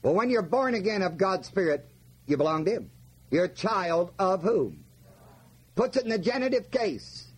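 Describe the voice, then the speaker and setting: A man's voice: high voice, sing-song, moderate pace, husky. A man preaching a folksy Bible-teaching sermon, often asking his listeners questions and leaning hard on key words. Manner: folksy, asks the audience questions, stresses words.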